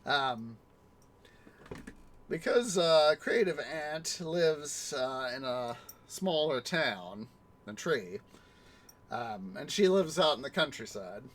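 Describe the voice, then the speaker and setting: A gaming streamer plays a city-building game, chatting casually and telling a rambling story full of fillers and restarts in a let's-play style. His voice is a little high and a bit bright, very animated, yet he takes it slowly with long pauses.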